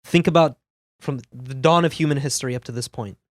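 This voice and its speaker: A man's voice: medium pitch, a little fast, no room sound, clean studio sound. A young man co-hosting a podcast, arguing his point in a casual conversational way. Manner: argumentative, pushes his own perspective. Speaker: podcast co-host. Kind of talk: casual chat.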